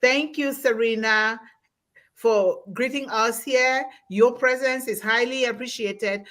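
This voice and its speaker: Woman, forties, webinar host, high-ish voice, gushing gratitude, reads comments aloud. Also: fairly even intonation. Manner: effusive, warm thanks, reads comments aloud slowly. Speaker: host reading audience comments. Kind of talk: live online webinar talk.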